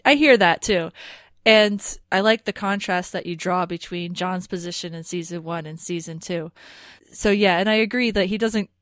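A woman's voice: on the low side, moderate pace, no echo, clean studio sound. A woman co-hosting a podcast, chatting casually and thoughtfully with plenty of hedging. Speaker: podcast co-host. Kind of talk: casual discussion.

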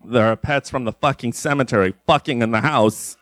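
A man voicing a nervous, lovestruck younger man who speaks in a hushed, stammering way. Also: mid-range voice, a little fast, dry recording, close to an everyday voice. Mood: shocked.

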